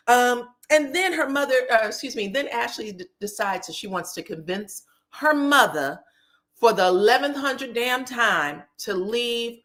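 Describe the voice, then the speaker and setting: A woman's voice: fairly high pitch, lively intonation, unhurried, a bit bright. A woman recapping a reality show in casual, slangy commentary, punctuating her points with emphatic tags and frequent laughter. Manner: slangy, emphatic, tags lines with "okay?" and "child"; laughs often while telling.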